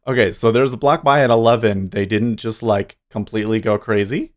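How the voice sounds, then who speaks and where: A man's voice: medium pitch, a bit bright. A man hosting a casual livestream. He is chatty, laughs often and trails off mid-thought. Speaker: streamer and day trader.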